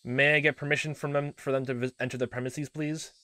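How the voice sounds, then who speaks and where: A man voicing a courteous, persistent child welfare official on the phone, formal and steady. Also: medium pitch, fast, no room sound, clean studio sound, pitched above the performer's own voice, natural voice.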